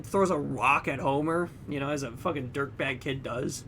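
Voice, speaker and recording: Young man, podcast co-host, casual film recap, animated voices, filler-heavy, slightly high voice, faint background noise. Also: moderate pace, few pauses. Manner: animated storytelling, acting out characters with loud high bursts; heavy use of fillers like "like" and "you know".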